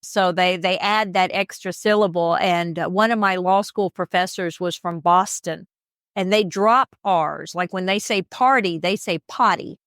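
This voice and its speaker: A woman with a Southern US accent, co-hosting a podcast in casual, animated chat. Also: on the low side, a little slow, clear, resonant tone, no room sound, studio quality. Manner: chatty, animated storyteller with emphatic asides. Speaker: podcast co-host.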